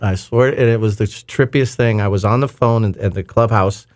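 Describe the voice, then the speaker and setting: A man co-hosting a golf radio talk show, telling stories in casual banter, laughing often and breaking into high exclamations. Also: moderate pace, a little mellow.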